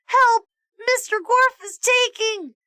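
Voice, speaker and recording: An eager little schoolgirl with a small, energetic voice, played by a woman reading a storybook. High and chirpy, bright in tone and close to the mic. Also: a little slow, no room sound, exaggerated voice.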